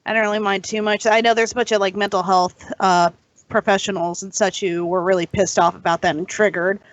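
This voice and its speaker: A woman's voice: mid-range voice, fairly even intonation, brisk, dry recording, lo-fi sound. A woman co-hosting a podcast in a chatty, offhand way. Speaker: podcast co-host. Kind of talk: casual chat.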